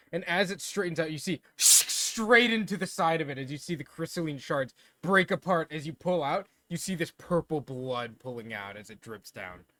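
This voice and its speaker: Excitable game master with lively pitch. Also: dry recording. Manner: excitable, loud outbursts and laughter. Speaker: dungeon master. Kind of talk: running a tabletop game. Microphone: streaming microphone.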